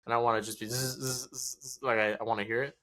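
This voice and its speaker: A man's voice: medium pitch, fast. A man co-hosting a casual podcast, telling stories with lots of swearing and acted-out quotes. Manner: profane, animated storytelling with acted-out quotes. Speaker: podcast co-host. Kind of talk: casual chat.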